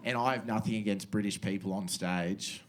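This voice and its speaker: A man's voice: lowish voice, steady tone, moderate pace, a little hiss or hum. A young Australian man in his twenties doing a stand-up comedy set on a club stage, casual and slangy, with muttered asides into a handheld mic.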